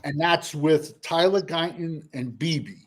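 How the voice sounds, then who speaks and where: A man's voice: a little high, slow pace, background noise. A man co-hosting a casual sports debate who quizzes the others and presses his case with numbers. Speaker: sports show co-host.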